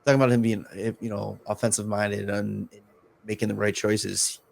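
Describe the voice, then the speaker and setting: A man co-hosting a hockey podcast in casual chat, relaxed and rambling. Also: on the low side, moderate pace, vocal fry. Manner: relaxed, rambling, many fillers and restarts. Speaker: podcast co-host.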